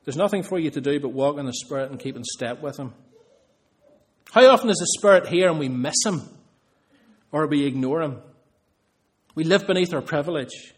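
Earnest preacher, higher voice. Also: male voice, normal speed, long pauses. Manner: earnest, builds emphasis through repeated phrases. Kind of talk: sermon.

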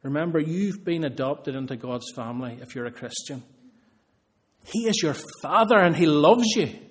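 Earnest preacher, higher voice. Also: male voice, expressive, moderate pace, fairly bright tone. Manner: earnest, builds emphasis through repeated phrases. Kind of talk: sermon.

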